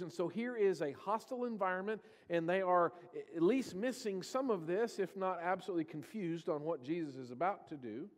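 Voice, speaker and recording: A man with a high voice preaches a sermon in a church. The sound carries a long reverb from the hall around him. He tells scripture stories and slips into the voices of the people in them. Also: brisk, hardly any pauses. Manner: storytelling, acting out quoted voices. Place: church sanctuary.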